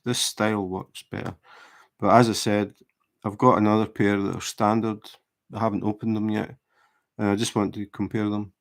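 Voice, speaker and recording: A man with a fairly low, gravelly voice chats casually as he works on a craft. He explains tips in a relaxed way, often restarting sentences and filling pauses. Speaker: diamond painting livestreamer. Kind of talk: casual chat while crafting.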